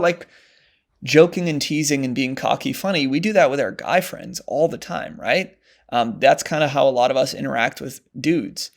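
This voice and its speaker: A man's voice: medium pitch, vocal fry. A man giving dating advice in a casual, conversational monologue, with frequent fillers like "um" and "like". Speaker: dating coach. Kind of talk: advice monologue answering a question.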